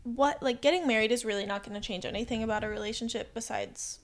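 Woman in her twenties, candid friend chat, chatty, slightly high voice. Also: quick pace, a little hiss or hum. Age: 20s. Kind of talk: casual chat among friends.

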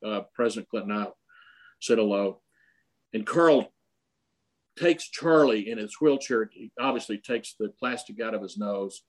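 Older male guest, casual anecdotal delivery, halting with frequent fillers. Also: on the low side. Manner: rambling, many fillers and restarts. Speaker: guest storyteller.

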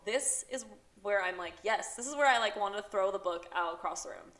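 A woman's voice: mid-range voice, brisk, hardly any pauses, a bit bright, echoey room. A young woman hosting a casual podcast, reading a book review aloud with sarcastic, giggly commentary. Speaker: podcast host.

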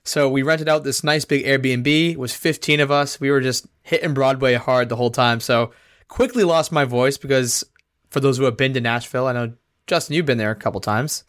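A man co-hosting a podcast in casual chat, upbeat and chatty, with a slightly hoarse voice. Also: medium pitch, a little fast, fairly bright tone, no echo, clean studio sound. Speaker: podcast co-host.

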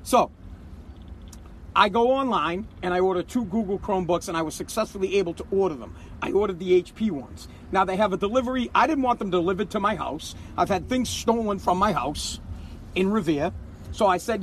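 A middle-aged man with a strikingly high voice vents his anger outdoors, piling up repeated complaints with heated emphasis. He talks into a handheld phone, and faint street and traffic noise sits behind him. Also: brisk, fairly bright tone. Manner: heated, repetitive, emphatic ranting. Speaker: vlogger protesting outside a store. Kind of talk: angry ranting vlog. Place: outdoors outside a store.

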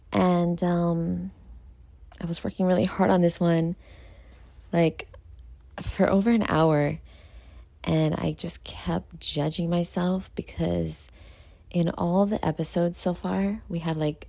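A young woman, talking late at night about herself in a candid vlog, loud and excitable, with many fillers, sounding tired. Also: lowish voice, slow, creaky, no room sound. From New York. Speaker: podcast host. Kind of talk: candid self-talk vlog.

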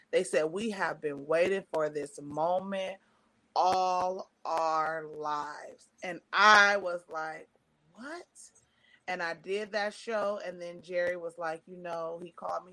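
Animated woman telling a story, bright voice. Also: on the low side. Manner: animated, quotes people in voices, emotional. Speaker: stand-up comedian guest. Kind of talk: casual storytelling chat.

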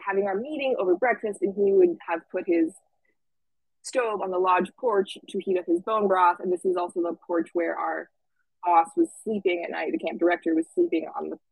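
A woman's voice: on the low side, vocal fry, breathy edge, dry recording, poor audio. A young woman telling a camp story in a casual, chatty way, full of fillers and quoted voices. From Washington State. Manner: chatty, lots of "like" fillers, lively quoting. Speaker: camp staff guest.

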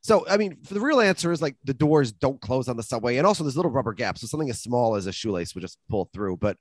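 A man's voice: mid-range voice, very animated, quick pace, no room sound. A man co-hosting a podcast, chatting casually and laughing easily. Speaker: podcast co-host.

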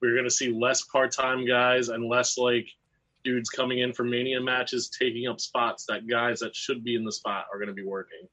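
A man's voice: mid-range voice, flat delivery, normal speed, pushed and bright. A man on a casual online panel, giving blunt opinions and swearing casually. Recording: dull lo-fi call audio.

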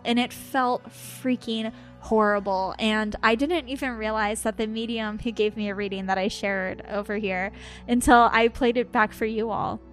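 A young woman, a podcast host and medium, telling a story in casual chat, animated and swearing freely as she acts out what people said. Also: fairly high pitch.

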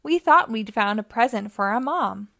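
A woman voicing Jenny, an eager, kind young girl mouse with a squeaky voice. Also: expressive, moderate pace, gravelly, a bit bright.

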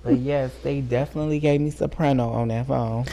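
Podcast guy with a gravelly creaky voice, chatty and animated. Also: medium pitch, fairly quick. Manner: animated storyteller, drops into quoted voices. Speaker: podcast co-host. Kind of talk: casual podcast chat.

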